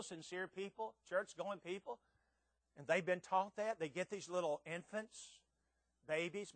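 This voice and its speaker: Emphatic high-voiced male preacher. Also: dry recording. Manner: emphatic, rising to loud peaks with rhetorical questions; stammers and repeats words. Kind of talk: sermon.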